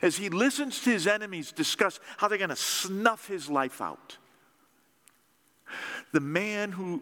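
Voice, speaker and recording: A man preaching a sermon in a lively, conversational storytelling way. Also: sits high, measured pace, long pauses, in a large hall. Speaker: pastor.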